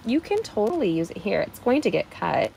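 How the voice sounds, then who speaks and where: A woman's voice: mid-range voice, big pitch swings, a little fast, gravelly, warm tone, a little hiss or hum, low-quality recording. A woman hosting a live card-making stream, chatting in a bubbly way straight to her viewers as she demonstrates. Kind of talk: casual live craft demonstration.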